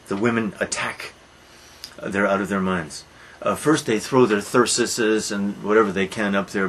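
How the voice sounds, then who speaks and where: A man's voice: lowish voice, slight background noise, low-quality recording. A man lecturing on a Greek tragedy, retelling it as a dramatic storyteller who repeats words for emphasis. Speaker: literature lecturer.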